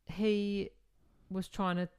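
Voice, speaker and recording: A woman's voice: mid-range voice, little pitch movement, slow pace, a little mellow, smooth. A woman co-hosting a podcast, chatting casually and laughing as she retells film scenes. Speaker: podcast co-host. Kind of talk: casual chat.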